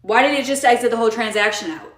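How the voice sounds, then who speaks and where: A woman's voice: a little high, fast talker, a bit bright, echoey room, close to an everyday voice. A woman acting as an indignant, demanding female customer in a comedy skit. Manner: indignant, bossy. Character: entitled pushy female customer, demanding and stubborn.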